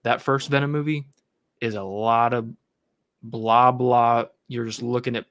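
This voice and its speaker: A man's voice: medium pitch, steady tone, a little slow, fairly bright tone. A man with a mid-range voice co-hosts a casual live-stream film chat. He rambles and circles around his points, trading thoughts with his partner. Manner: rambling, many fillers and restarts. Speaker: podcast co-host.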